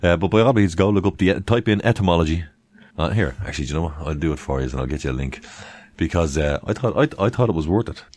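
A very deep, darkish male voice. While running a live stream, this man chats in a relaxed way, reads the chat, poses rhetorical questions and gives individual viewers shout-outs by name.

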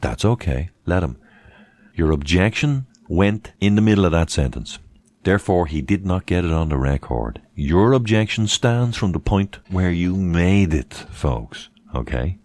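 Man with a very deep, dry-recorded voice; emphatic casual explainer with mocking asides. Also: lively intonation, a little slow, a little mellow, no echo. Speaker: presenter giving legal advice. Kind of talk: casual instructional monologue.

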